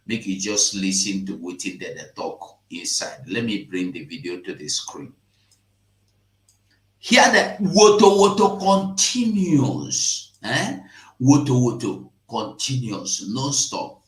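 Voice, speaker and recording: A man with a Nigerian Pidgin accent hosting a casual live stream, emphatic and repetitive, jumping from loud bursts to hushed asides. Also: sits low, roomy sound. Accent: Nigerian Pidgin English.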